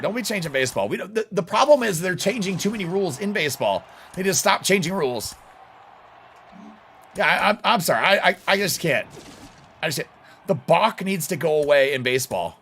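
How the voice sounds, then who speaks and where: A man's voice: a little high, big pitch swings, fairly quick, fairly bright tone, slight background noise. A young adult man live streaming a baseball video game, chatting bluntly and casually with his viewers and laughing often. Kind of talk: live gaming stream chat.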